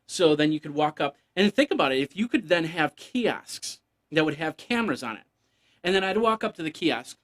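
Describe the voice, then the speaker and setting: Man, tech podcast host, casual solo show, rambling, jokey, slightly high voice. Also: lively intonation, fast talker, fairly bright tone. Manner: rambling, jokey, makes beeping computer noises.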